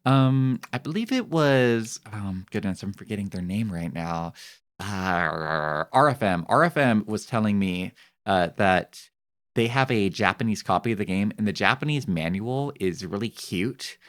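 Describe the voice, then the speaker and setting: A male streamer chats casually into a desk mic while he plays a game. His usual voice sits low. He turns excitable quickly, and his voice leaps up high when something amuses or surprises him.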